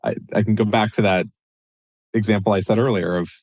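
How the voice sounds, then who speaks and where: Male podcast co-host, low voice, chatty and loose, dry close-miked sound. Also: steady tone, brisk, no room sound. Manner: conversational, many restarts and "you know"s. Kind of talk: casual podcast discussion.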